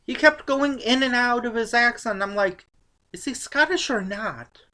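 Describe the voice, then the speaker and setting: A woman's voice: on the high side, lively intonation, unhurried, bright, forceful tone. Sarcastic woman reviewing a movie. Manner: sarcastic, exasperated, mocking. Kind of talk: casual movie review chat.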